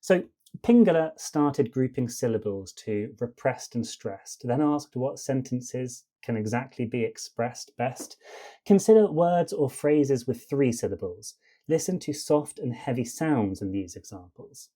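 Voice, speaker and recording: Guy doing spoken word poetry on a podcast, rhymey and on the beat, warm dark tone, leans hard on stressed syllables. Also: medium pitch, animated, unhurried. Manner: rhyming, beat-driven delivery with emphatic stresses. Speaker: podcast host.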